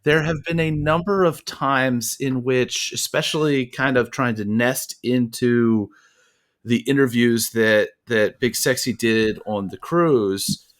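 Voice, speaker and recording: A man's voice: mid-range voice, takes it slowly. A man co-hosting a podcast, talking loosely in long, winding thoughts. He swears casually as he goes. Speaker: podcast co-host.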